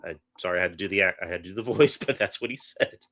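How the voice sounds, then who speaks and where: A man's voice: sits low, rapid-fire, sharp tone, a little hiss or hum. A man co-hosting a podcast, chatting casually through a movie review, rambling with restarts. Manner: rambling, full of restarts and acted-out quotes. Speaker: podcast co-host.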